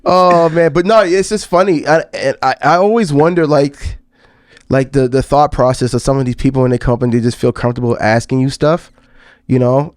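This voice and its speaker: A man's voice: mid-range voice, fairly quick, dry recording, studio quality. A man co-hosting a podcast, chatting loosely and laughing often. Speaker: podcast co-host. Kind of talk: casual chat.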